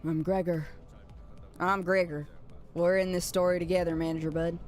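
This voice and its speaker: A woman voicing a weary male worker with a put-on Southern country drawl, talking low and tired. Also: level tone, moderate pace, darkish tone, lightly acted. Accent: American Southern, put on.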